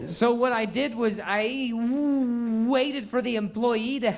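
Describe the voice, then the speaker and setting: This stand-up storyteller talks slowly, his voice pitched extremely high. He stutters and makes self-deprecating jokes as an audience laughs at the comedy club.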